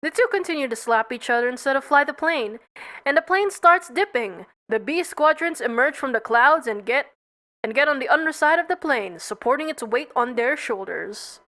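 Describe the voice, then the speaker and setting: A woman's voice: sits high, animated, normal speed, sharp tone. A young woman reading a film script aloud in a playful, casual way, laughing at her own slips. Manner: playful, stumbles over words and laughs at herself. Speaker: script reader.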